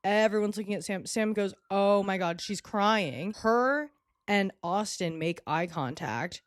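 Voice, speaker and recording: A young woman recapping a movie in casual vlog commentary, animated, sarcastic and exasperated. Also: medium pitch, a little slow, no echo, clean studio sound. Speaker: vlogger.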